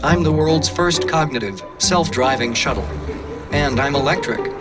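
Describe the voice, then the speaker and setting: A man voicing a calm, polite, self-driving electric shuttle with an even, deadpan delivery, over music. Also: on the high side, normal speed, lightly acted. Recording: music underneath.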